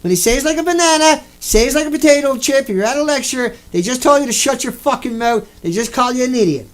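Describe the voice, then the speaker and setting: A man's voice: extremely high pitch, lively intonation, fast talker. A man delivering an angry, repetitive rant, swearing often as he talks to his viewers. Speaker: video blogger.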